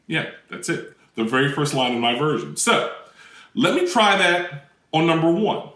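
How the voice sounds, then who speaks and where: A man teaching puppet voice warm-ups in an animated, demonstrative way, his pitch swinging widely. His tone is bright, and he sounds a bit far from the mic in a roomy space. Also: moderate pace. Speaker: library puppetry presenter. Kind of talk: children's lesson on voice warm-ups.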